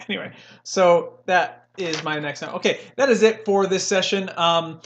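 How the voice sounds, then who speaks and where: A man's voice: high-pitched, highs cut off, a little hiss or hum. A young man giving a casual spoken language lesson, rambling and joking as he corrects himself. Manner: rambling, jokey, self-correcting, slow and drawn out. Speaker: language learning host.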